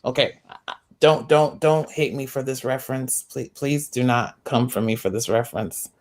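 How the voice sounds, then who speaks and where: A woman's voice: very deep voice, normal speed. A woman speaking on an online panel in an earnest way, repeating words to stress a point and adding apologetic asides. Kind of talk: casual panel discussion.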